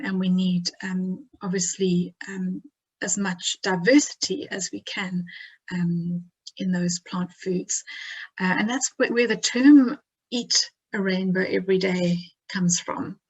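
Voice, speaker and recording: A woman's voice: mid-range voice, steady tone, takes it slowly, husky, low-quality recording. A woman with a South African accent, a nutritional therapist giving a health talk over slides, hesitant, with many fillers and restarts.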